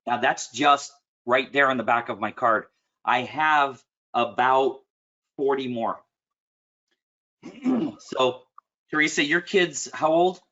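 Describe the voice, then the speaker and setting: In a loose one-on-one session, a business coach speaks to a client bluntly and with lots of animation, his medium-pitched voice carrying a bright, forceful edge. He takes it slowly with long pauses and keeps clearing his throat, and the recording is muffled and lo-fi.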